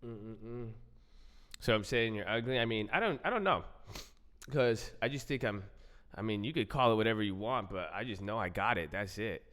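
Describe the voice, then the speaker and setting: Male livestream host, low smooth voice, rambling casual chat full of "bro", reverberant sound. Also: animated, a little fast, fairly bright tone. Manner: loose, rambling, repeats himself, says "bro" and "man" a lot.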